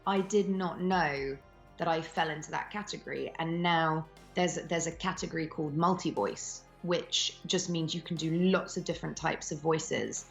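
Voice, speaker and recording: A woman's voice: low voice, normal speed, vocal fry, lo-fi sound, faint music behind. A woman in her thirties, an actress talking candidly in an interview, frank and swearing freely between ums. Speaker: actress and voice actor guest.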